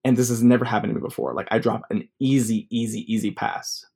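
A man's voice: medium pitch, fast talker, creaky, darkish tone, breathy edge. A man in his twenties telling a personal story casually, rambling with many fillers. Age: 20s.

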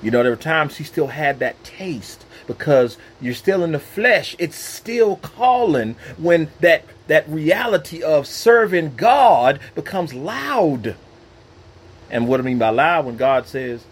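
A man's voice: on the high side, very animated, takes it slowly, slight background noise, low-quality recording. A man giving an earnest, personal devotional talk into his own microphone, emphatic and repeating phrases for weight. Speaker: Christian speaker.

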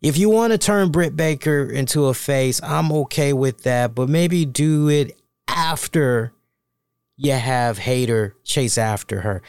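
A man's voice: mid-range voice, unhurried, darkish tone, clean tone, no echo. A man hosting a wrestling review show, talking casually and animatedly, swearing freely and addressing his listeners directly. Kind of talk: casual solo review talk.

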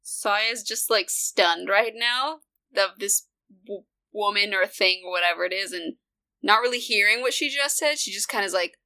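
A woman's voice: medium pitch, normal speed, bright, forceful tone. A woman playing a tabletop game, speaking in a playful, casual way. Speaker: player.

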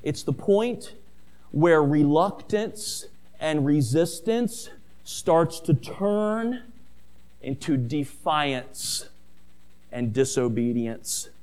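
A middle-aged man preaching a sermon who tells stories, calls his listeners family, and rises in pitch and volume on key points. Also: animated, extremely slow, darkish tone. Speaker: pastor.

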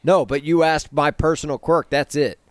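A man's voice: a little high, fairly even intonation, normal speed. A man co-hosting a podcast, trading teasing jokes in casual banter. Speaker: podcast co-host. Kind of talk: casual chat.

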